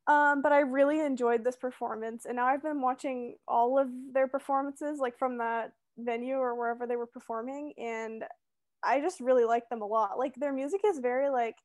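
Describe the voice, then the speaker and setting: Young woman co-host with a high voice, chatty and insistent, in loose casual conversation. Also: fairly even intonation, moderate pace. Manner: chatty, filler-heavy, insistent. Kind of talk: casual chat.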